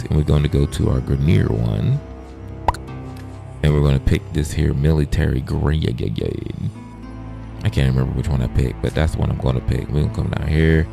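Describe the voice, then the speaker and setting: Very deep gravelly man, profane and playful. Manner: profane, playful, chats to viewers. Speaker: gaming streamer. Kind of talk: casual livestream gameplay chat.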